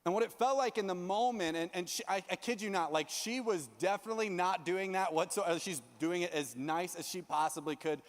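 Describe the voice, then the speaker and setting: A young man giving a youth sermon as a story, animated and self-mocking as he acts out his own lines. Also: sits high, a little fast, few pauses. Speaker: youth pastor. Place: large church youth hall. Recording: long reverb of a large hall.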